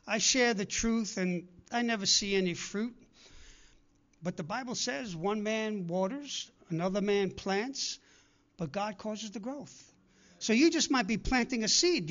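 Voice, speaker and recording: With highs cut off in the recording, a man's high, slightly bright voice carries a sermon to his congregation. He keeps urging them earnestly, performing the people he quotes along the way.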